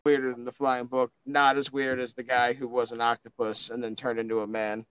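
A man voicing a gruff, deadpan middle-aged man who speaks slowly. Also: medium pitch, a little hiss or hum, lightly acted, low-quality recording.

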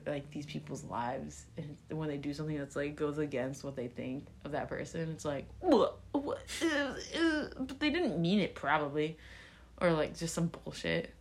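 A young woman co-hosting a podcast, chatting casually, blunt and jokey with lots of swearing. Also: low voice. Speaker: podcast co-host. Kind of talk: casual chat.

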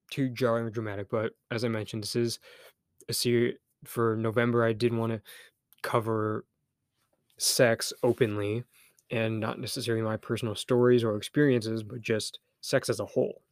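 A man's voice: medium pitch, no echo, clean studio sound. Candid young man hosting a podcast. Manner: candid, loose, thinks aloud with restarts; a little embarrassed but encouraging. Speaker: podcast host. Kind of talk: casual solo podcast monologue.

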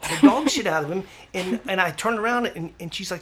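A man's voice: high-pitched, fairly quick, a little hiss or hum. A man, a podcast guest, chatting casually and acting out little quoted exchanges as he tells stories. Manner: animated storyteller, lots of restarts and acted-out quotes. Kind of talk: casual interview chat.

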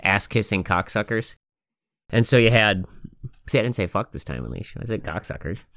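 Low-voiced profane podcast co-host. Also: male voice, expressive, a little fast, gravelly, no room sound. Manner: profane, joking, loud bursts of laughter. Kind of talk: casual chat.

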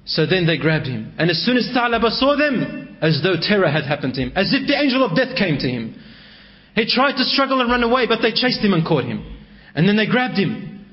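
A man with a high voice, telling a religious story with dramatic, emotive delivery. The recording is dull and lo-fi. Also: sing-song, brisk.

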